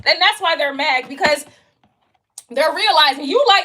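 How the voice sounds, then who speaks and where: A woman's voice: sits high, very animated, normal speed, noisy background. A woman giving a casual tarot reading, talking straight to the viewer in a blunt, profane, slangy way and hammering her point again and again. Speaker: tarot card reader.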